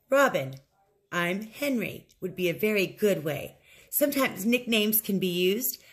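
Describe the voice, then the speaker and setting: A woman teaching an English lesson, modeling set phrases slowly and clearly for learners to repeat. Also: mid-range voice. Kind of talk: recorded language lesson.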